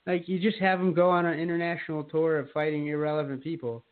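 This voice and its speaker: A man's voice: fairly high pitch, level tone, quick pace. A man co-hosting a podcast, ranting casually with lots of swearing and sarcasm. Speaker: podcast co-host. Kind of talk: casual chat. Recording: phone-like lo-fi sound.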